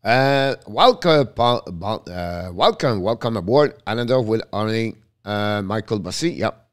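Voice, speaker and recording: A man's voice: lowish voice, clear, resonant tone. Man calling hockey play-by-play. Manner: halting non-native English, rapid call of the action; chats with viewers between plays. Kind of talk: live play-by-play commentary.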